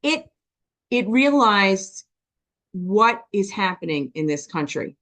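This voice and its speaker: A woman giving a personal testimony, talking quickly and passionately, often checking in with "okay?" and acting out voices as she tells her story. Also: mid-range voice. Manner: animated storytelling with quoted dialogue. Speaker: business testimony speaker.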